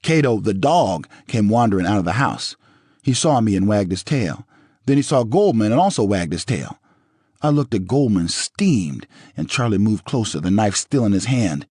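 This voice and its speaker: Brief: low husky male narrator, lively pitch, close dry sound, profane storytelling. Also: normal speed, dry recording. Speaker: audiobook narrator. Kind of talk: first-person book reading.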